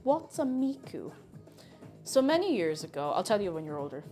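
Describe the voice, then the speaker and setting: Chatty woman streamer cooking live, playful, a lively higher voice, faint music behind. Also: normal speed. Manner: playful and chatty, breaks into silly noises and sings along. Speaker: livestreamer and VTuber. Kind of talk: casual chat while cooking on a livestream.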